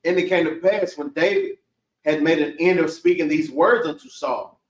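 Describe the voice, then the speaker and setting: A man reading scripture aloud in a Bible class, slow and deliberate. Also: fairly high pitch. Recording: echoey room, far from the mic.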